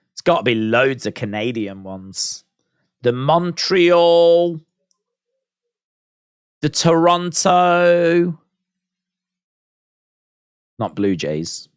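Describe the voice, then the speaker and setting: A man's voice: mid-range voice, vocal fry, dry recording, studio quality. A British man hosting a casual live stream, musing aloud, reading out viewer comments and poking fun at himself. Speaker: livestream watch-along host.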